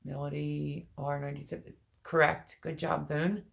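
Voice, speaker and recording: A middle-aged woman hosting a gardening channel, chatting candidly and emotionally with her viewers, rambling with many pauses. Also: low voice, flat delivery, gravelly. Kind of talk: personal vlog chat with live viewers.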